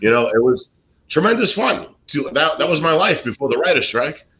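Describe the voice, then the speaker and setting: A man's voice: on the high side, big pitch swings, a little fast, bright, forceful tone. A man, an actor and comedian from Brooklyn, telling rambling showbiz stories in casual chat with many fillers and restarts. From Brooklyn, USA. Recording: dull lo-fi sound.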